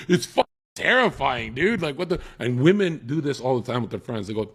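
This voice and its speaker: A man in heated casual chat, profane and animated, acting out quotes as he talks. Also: mid-range voice, brisk, breathy edge. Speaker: podcast guest.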